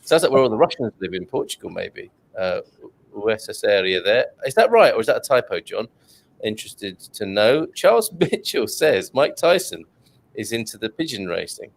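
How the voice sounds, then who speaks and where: A man's voice: lowish voice, big pitch swings, moderate pace, creaky. A man hosting an online chat show over a video call, joking, reading out chat comments and laughing often. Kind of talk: casual banter on a video call.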